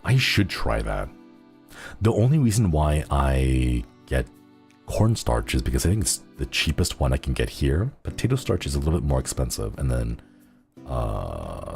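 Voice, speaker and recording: A young man with a very deep voice chatting casually on a livestream, rambling and giggling as he jumps between thoughts. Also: creaky, a little mellow. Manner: rambling, giggly, easily sidetracked. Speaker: streamer.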